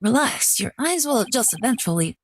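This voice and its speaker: A woman's voice: fairly high pitch, big pitch swings, a little fast, slight background noise. A woman voicing a cocky fatherly rebel leader. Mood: teasing. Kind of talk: voicing game dialogue.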